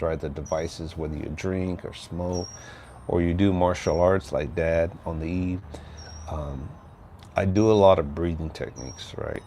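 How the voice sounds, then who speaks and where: An older Texan man hosts a casual livestream chat outdoors near his house, his low-pitched voice carrying a darkish tone over slight background noise. He rambles in a laid-back way and keeps tacking "right?" onto his sentences.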